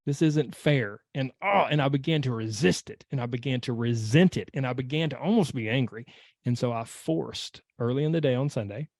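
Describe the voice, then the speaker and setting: Guy podcasting, casual storytelling, acts out his inner voice, middle pitch, dry close mic. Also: a little fast, a little mellow, no room sound. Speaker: podcast host and weight-loss coach. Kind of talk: casual monologue, personal story.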